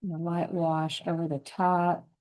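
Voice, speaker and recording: A woman with a lowish, warm voice talks through a painting lesson step by step. She sounds relaxed and encouraging, and she thinks aloud about each brushstroke as she works. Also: a little slow, rough recording. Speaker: painting instructor.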